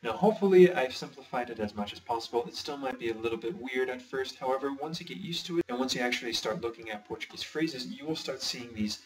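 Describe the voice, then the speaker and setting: A man's voice: mid-range voice, animated, fast, hardly any pauses, far from the mic, poor audio. A man explaining language grammar step by step in a patient, slightly playful teaching voice. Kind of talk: screen-recorded lesson.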